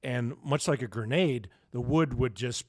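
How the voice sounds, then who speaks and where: A man co-hosting a podcast in casual chat, jokey and laughing often, slipping into quick mock voices. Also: mid-range voice, no echo, clean studio sound. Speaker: podcast co-host.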